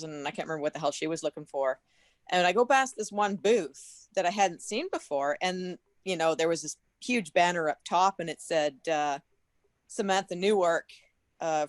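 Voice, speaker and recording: A woman in her forties on a video call, telling an animated story in casual chat and swearing freely. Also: lowish voice, no room sound. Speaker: guest at a podcast meet-up.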